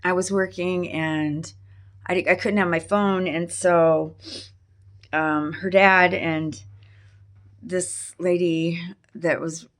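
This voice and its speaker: A middle-aged woman telling a painful personal story in an interview, halting and full of restarts. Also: fairly low pitch, fairly even intonation. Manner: halting, with many restarts and fillers. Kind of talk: emotional personal testimony.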